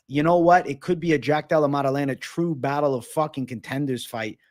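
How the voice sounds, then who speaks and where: A man's voice: fairly high pitch, fairly even intonation, brisk. A man hosting a casual fight-sports livestream, reading out chat questions and answering with frequent swearing. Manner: profane, casual, reads chat questions aloud. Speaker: MMA livestream host.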